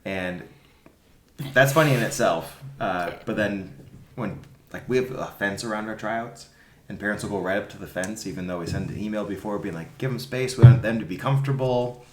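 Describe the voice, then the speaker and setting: A man's voice: fairly low pitch, normal speed, slight background noise. Emphatic man in a roomy room. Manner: emphatic, animated storyteller. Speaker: youth soccer club coach. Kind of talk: casual podcast chat. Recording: roomy echo.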